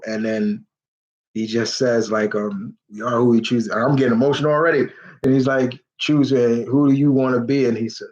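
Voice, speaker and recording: Emotional rambling man on a live stream. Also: medium pitch. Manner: rambling, many restarts and fillers; openly emotional, near tears. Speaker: host of a live Q&A. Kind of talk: casual live stream chat. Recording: dull lo-fi stream audio.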